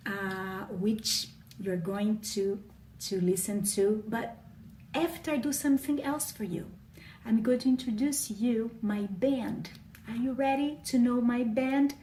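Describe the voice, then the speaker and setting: Slow-speaking Brazilian woman musician. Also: a little high, warm tone, far from the mic, slight background noise. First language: Portuguese. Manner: patient, spelling things out slowly. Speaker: guitarist and singer. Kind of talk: explaining music to children. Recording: echoey room, off-mic, guitar playing.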